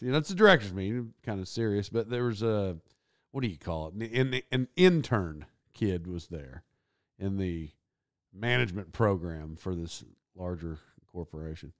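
A middle-aged man hosting a podcast, telling a rambling story in an animated way and often correcting himself. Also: lowish voice, no room sound, clean studio sound. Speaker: podcast host. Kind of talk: casual storytelling.

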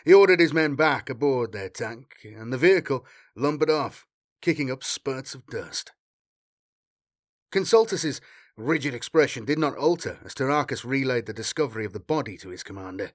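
Guy reading a war audiobook, lively pitch, dramatic delivery. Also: normal speed. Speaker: audiobook narrator. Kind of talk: scripted narration.

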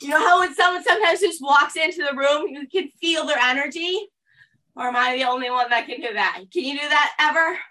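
Female fitness coach, high bright voice, chatty and encouraging, slightly breathless, recorded from a distance. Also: brisk. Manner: upbeat, coaching cues, chatty asides. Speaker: fitness instructor. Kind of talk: guided workout class.

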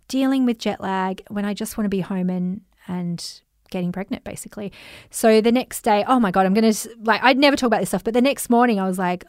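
A woman with an Australian accent hosting a podcast, telling stories in a chatty, animated way and acting out the voices of people she quotes. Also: fairly high pitch, a little fast, no echo, clean studio sound. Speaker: podcast host. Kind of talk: casual storytelling monologue.

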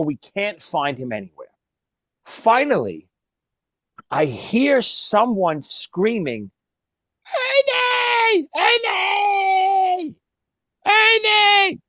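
A man telling a story to his friends in casual chat, animated, laughing often and repeating words. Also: a little high, no room sound.

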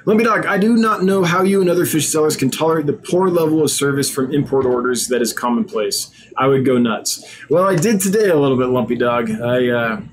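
A man's voice: mid-range voice, a little hiss or hum. A tired man hosting a live stream, reading viewer usernames aloud and chatting casually, sometimes stumbling over words.

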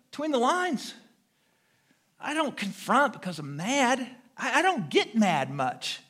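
A middle-aged American man preaching a sermon as pastor, telling stories with humor and imitating horn beeps. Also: very high-pitched. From United States. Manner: animated, humorous storytelling with vocal sound effects.

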